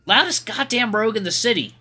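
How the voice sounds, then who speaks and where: A man's voice: high voice, expressive, fast, sharp tone, slightly rough, soft background music, pitched above the performer's own voice, exaggerated voice. A man voicing a sarcastic, sulky young male hyena son. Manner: sarcastic, whiny.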